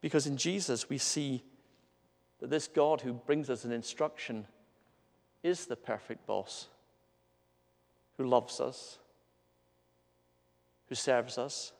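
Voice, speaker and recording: A man's voice: mid-range voice, takes it slowly, vocal fry, long pauses. A man preaching an earnest, conversational sermon, asking his listeners rhetorical questions. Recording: long hall reverb.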